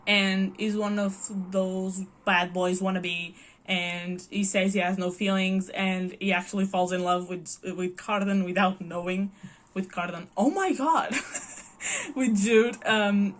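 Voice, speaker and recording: A Portuguese woman in her early twenties, a native Portuguese speaker, chatting casually and gushing with giggles as a book vlogger. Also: medium pitch. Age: early 20s. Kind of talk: casual chat.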